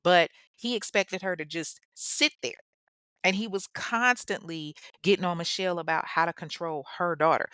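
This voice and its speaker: A woman's voice: lowish voice, moderate pace, bright, forceful tone, clean tone, no echo. A woman hosting a podcast, telling a true-crime story in a casual, blunt way, swearing and mocking the people in it. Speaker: podcast host.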